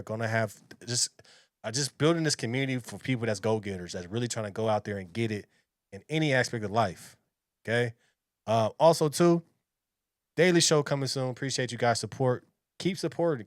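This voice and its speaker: A man's voice: mid-range voice, no room sound. Man, reaction host, blunt and opinionated, repeats himself, dry close sound. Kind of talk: casual commentary.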